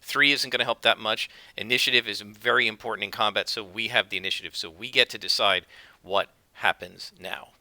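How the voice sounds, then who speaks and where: A man's voice: fairly low pitch, fairly even intonation, fairly quick, bright, forceful tone, no room sound. A man narrating his solo tabletop game, thinking aloud and explaining dice rolls with frequent fillers and corrections. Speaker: game master and solo player.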